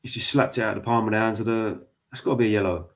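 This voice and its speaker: Man, lowish pitch, live match watch-along, excitable, swears a lot, talks to players and ref. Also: rapid-fire. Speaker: football fan streamer.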